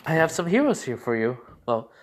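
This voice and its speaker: A man voicing a chipper, polite creature principal in a spoken fan story, talking in quick upbeat bursts. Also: fairly high pitch, sing-song, voice pushed up. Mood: eager.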